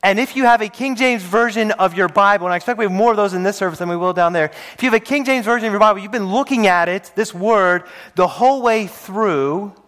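Animated preacher with a high voice. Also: male voice, fast, few pauses. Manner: animated storytelling, playful asides. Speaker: pastor. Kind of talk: sermon. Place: church service.

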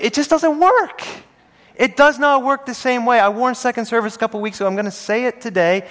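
A man preaching a sermon in a church service, telling a story in an animated way with playful asides. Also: very high voice, normal speed. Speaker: pastor.

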